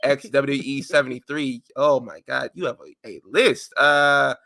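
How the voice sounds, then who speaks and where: A man's voice: medium pitch, fairly even intonation, a little slow, gravelly, bright, forceful tone, dry recording, clean studio sound. A man co-hosting a podcast in casual chat, joking loosely as he reads out listener answers. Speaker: podcast co-host.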